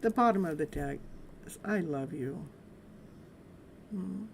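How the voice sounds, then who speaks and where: A woman's voice: fairly low pitch, animated, takes it slowly, vocal fry, darkish tone, slight background noise. A middle-aged woman hosting a casual live-stream tarot reading, chatting loosely with viewers and laughing often. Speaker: live tarot reader and host.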